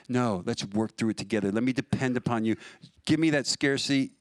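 A man's voice: medium pitch, lively intonation, quick pace, no room sound. A middle-aged pastor from New preaches in an easy conversational way. His voice sits in an ordinary middle register, and the sound is dry and close with little room around it. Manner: conversational, storytelling with laughs. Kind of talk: sermon.

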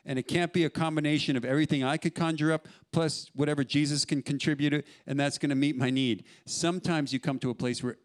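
A man preaching a sermon as pastor, earnest and pleading, with the occasional soft laugh. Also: a little high, steady tone, fast, few pauses.

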